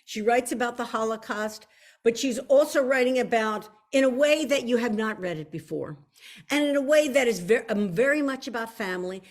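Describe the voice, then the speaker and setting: A woman with a Philadelphia accent chats straight to her viewers as the host of her own show. Her voice sits somewhat high, and she gushes, doubling her words and breaking off sentences to start them again. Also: lively intonation, moderate pace. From Philadelphia area. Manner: effusive, chatty, with frequent restarts and repeated intensifiers. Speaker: author hosting her own video show. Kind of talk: casual chat to viewers.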